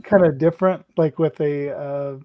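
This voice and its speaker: A man's voice: fairly high pitch, steady tone, phone-quality sound. American man with a Pacific Northwest accent. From Washington State, USA. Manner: rambling storyteller, halting, with many fillers. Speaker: livestream co-host. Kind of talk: casual livestream chat.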